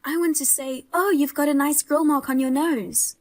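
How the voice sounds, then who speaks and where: A woman voicing a high-voiced, fierce pregnant young wife. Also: steady tone, normal speed, lightly acted. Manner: wry, indignant, grimly humorous. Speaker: pregnant daughter-in-law. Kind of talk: dramatized story voice-over.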